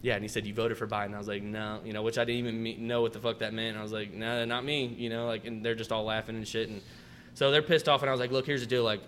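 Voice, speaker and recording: Quick-talking man with a low drawl. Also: little pitch movement, a bit bright, slight background noise. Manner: laid-back, swears freely, acts out customers' lines. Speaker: podcast host, restaurant manager. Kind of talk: casual storytelling chat. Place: restaurant.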